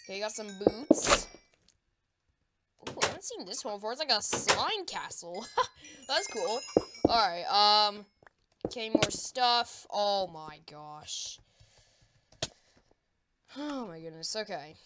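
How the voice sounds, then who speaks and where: A woman giving excitable live gameplay commentary, with frequent panicked cries and laughter. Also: medium pitch, takes it slowly, long pauses. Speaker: gaming video creator. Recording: loud background noise.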